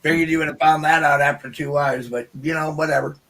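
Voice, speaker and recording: A man's voice: on the high side, steady tone, quick pace, creaky, fairly bright tone. A man in a casual chat making dry, teasing remarks. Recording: distant from the mic.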